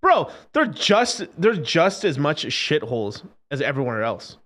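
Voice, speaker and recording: A man's voice: fairly high pitch, sing-song, measured pace, fairly bright tone. A man hosting a crypto livestream, ranting in an unfiltered casual way, profane and emphatic, repeating phrases and mocking others. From Mexican.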